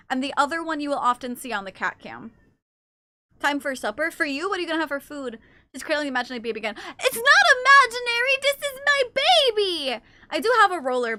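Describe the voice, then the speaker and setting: A woman's voice: sits high, pushed and bright. A woman streamer chatting casually with her viewers and cooing baby talk to her cats. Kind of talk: casual live-stream chat.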